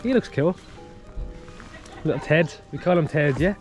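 A man's voice: on the high side, a little slow, a little mellow, faint music behind. A man hosting a casual travel vlog outdoors, chatty and upbeat, talking to his viewers as he walks along a street. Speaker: travel vlogger. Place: outdoors on a town street with passing traffic.

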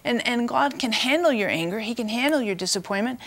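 A woman with a slightly high voice co-hosts a Christian talk show. She turns to the camera and warmly, pastorally invites viewers to ask for prayer. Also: lively intonation, brisk. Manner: warm pastoral appeal to viewers.

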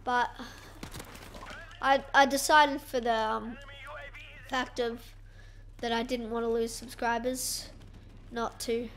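A young woman giving excitable, self-mocking commentary over her own gameplay. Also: a little high, takes it slowly, long pauses. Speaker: gaming YouTuber.

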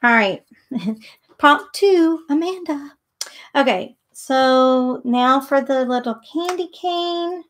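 Woman, middle-aged, gravelly, rambling live painting chat. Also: sits high. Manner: chatty, rambling, thinks aloud. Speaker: painting tutorial host.

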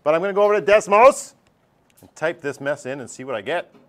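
Lively, joking male math teacher. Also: fairly high pitch, quick pace. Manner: lively, jokey, acts out student voices. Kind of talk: classroom lecture. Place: classroom.

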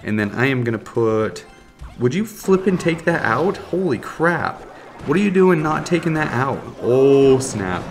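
An adult man narrates his own game matches live, swinging between frustrated groans and gleeful taunts at his opponent. His voice sits in an ordinary middle pitch. A steady hiss of background noise runs under the recording. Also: measured pace. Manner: excitable, talks to viewers and taunts opponents. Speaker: gaming YouTuber. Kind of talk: live gameplay commentary.

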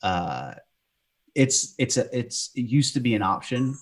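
A man's voice: mid-range voice, very animated, measured pace. A man hosting a casual podcast chat, explaining a technique step by step. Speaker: podcast host, rescue swimmer.

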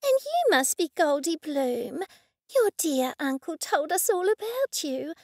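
A woman's voice: sits high, sing-song, a little slow, a little mellow, no echo, studio quality, voice pushed up, heavily acted. A woman voicing a poised, prim older woman from a retirement home who speaks in a knowing way.

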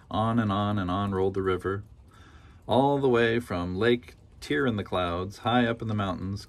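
A man reading a children's picture book aloud in a gentle, rhythmic storytelling manner. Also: on the low side. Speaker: storybook reader.

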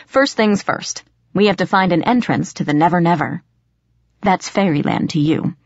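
Woman doing a cheeky fairy boy in an audiobook, teasing and breezy, kinda low for a girl, dry dull sound. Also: normal speed, no room sound. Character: cocky teenage boy fairy trickster. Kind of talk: audiobook character voice.

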